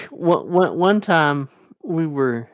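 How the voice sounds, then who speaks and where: A man talks loosely to his livestream viewers, mumbling now and then and stopping to restart his sentences. His delivery is slow and unhurried, but his pitch swings widely. The sound is dry, with no room echo. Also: lively intonation. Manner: rambling, laughs often, restarts sentences. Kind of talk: casual livestream chat.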